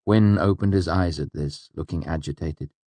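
Deep-voiced male audiobook narrator. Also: normal speed, dark tone, dry recording. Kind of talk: scripted narration.

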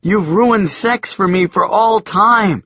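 A man voicing a flustered, squeamish young man who stammers out high exclamations. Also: slow, bright, forceful tone, breathy edge, no room sound, heavily acted. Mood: shocked. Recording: dull, lo-fi audiobook sound.

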